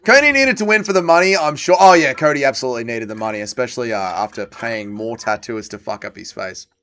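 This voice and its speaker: A man's voice: mid-range voice, expressive, fast, fairly bright tone, soft background music. Joking male livestream host. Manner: joking, reads chat aloud and answers. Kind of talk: casual chat reading viewer comments.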